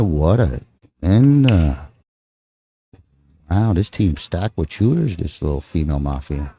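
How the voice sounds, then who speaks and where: Low, mellow-voiced male pool commentator. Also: expressive, takes it slowly, long pauses, husky. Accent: Texan. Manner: rambling, joking with his co-host. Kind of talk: live play-by-play commentary.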